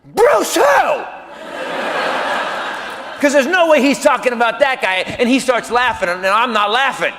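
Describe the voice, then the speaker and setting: A man with a high voice tells a stand-up story, animated and yelling his punchlines. The sound rings with a long reverb from a big venue. A faint noise sits under it. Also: fairly quick, few pauses. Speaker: stand-up comedian.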